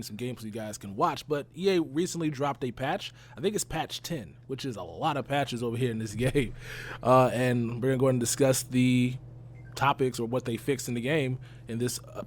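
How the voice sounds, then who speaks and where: Fast-talking man hosting a gaming podcast. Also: medium pitch. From Texas. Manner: loose, rambling, laughs easily. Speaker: podcast host. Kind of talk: casual podcast chat.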